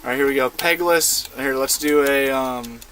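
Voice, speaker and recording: Talking at a normal speed, this young American in his twenties chats casually with his stream viewers while gaming from a van, loose and full of slang. He has a medium-pitched, fairly bright voice, with slight background noise behind him.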